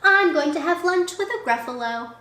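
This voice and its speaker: A bold, clever little storybook mouse, played by a woman reading aloud, lifted a little high and boasting grandly. The delivery is lively, and the voice rings in an echoey room. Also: normal speed. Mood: boastful.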